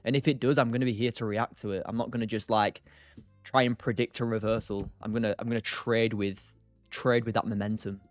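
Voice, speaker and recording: A man's voice: on the low side, steady tone, brisk, no echo. Young male stream host, casual and chatty, dry close mic, faint music bed. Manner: chatty, reads and answers chat by name, laughs often. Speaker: livestream day trader host. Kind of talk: casual live-stream chat.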